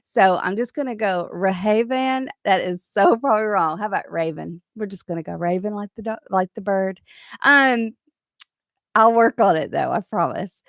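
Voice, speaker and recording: A woman's voice: medium pitch, animated, normal speed, vocal fry, a bit bright, no room sound, studio quality. A woman with a Southern US accent hosting a casual live-stream chat, reading viewer comments and telling stories with easy laughs. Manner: chatty storyteller who laughs easily. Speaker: host of a live crochet chat.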